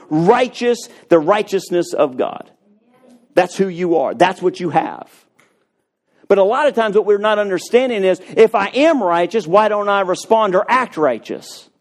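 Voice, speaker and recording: A man preaching a sermon, animated and telling stories, acting out the voices of people in them. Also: high-pitched, unhurried. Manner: animated, acts out voices in anecdotes. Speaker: pastor. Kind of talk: sermon with storytelling.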